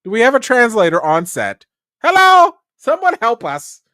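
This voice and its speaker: Guy doing a freaked-out studio exec, high and stammering, totally lost. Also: wildly swooping pitch, moderate pace, pushed and bright, dry recording, heavily acted. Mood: panicked. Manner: flustered, stammering questions. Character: panicked confused studio executive.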